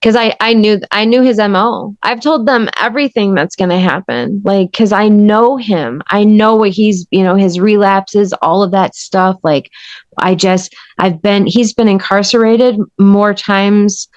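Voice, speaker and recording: A woman's voice: medium pitch, measured pace, dry recording, lo-fi sound. A woman guest telling her story in an interview, earnest and emphatic in a conversational way. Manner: earnest, emphatic, intense retelling. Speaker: podcast guest.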